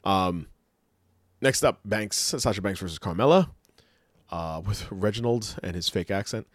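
Low-voiced man in animated casual chat. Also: a little slow, dry recording, clean studio sound. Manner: rambling, animated, laughs often, many fillers. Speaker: podcast co-host.

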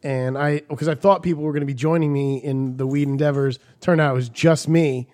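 Profane, animated young man telling stories. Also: fairly high pitch, brisk. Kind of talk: casual storytelling chat.

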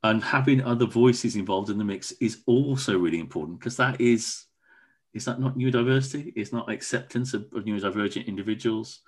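A man's voice: lowish voice, fairly quick. A man, a podcast guest chatting enthusiastically over a video call and often repeating words. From Cornwall, England. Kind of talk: casual conversation.

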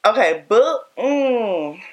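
A young woman with a deep voice co-hosting a casual chat, laid-back, often trailing off mid-sentence. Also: lively intonation, very slow. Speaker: podcast co-host.

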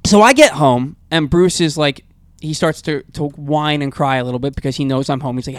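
A male talk radio host telling a long, animated story in a rambling, casual way with frequent restarts. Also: on the high side, normal speed, no echo, studio quality.

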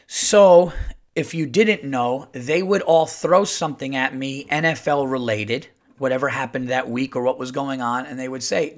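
Podcast host, man, mid-pitched, swears a lot, lively storyteller doing solo monologue. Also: normal speed. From Italian-American family. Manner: profane, animated storytelling. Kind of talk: casual monologue.

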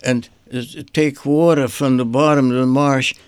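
An older man who is an artist, telling personal memories in a halting way and repeating words as he searches for them. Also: mid-range voice, fairly even intonation, clean tone, no room sound. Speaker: artist guest. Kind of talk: rambling personal reminiscence.

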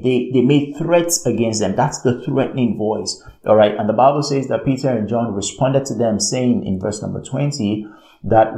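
A man's voice: mid-range voice, moderate pace, mellow. A man preaching a sermon in an emphatic way, repeating his phrases and often checking in with "all right". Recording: roomy echo.

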